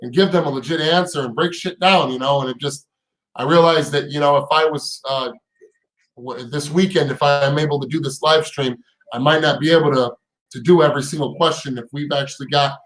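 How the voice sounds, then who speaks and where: A man with a slightly high voice hosts a live stream in an echoey room. He talks in heated, profane bursts, stumbling over repeated words and firing off rhetorical questions. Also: steady tone, fairly quick, a bit bright. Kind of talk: casual live stream chat.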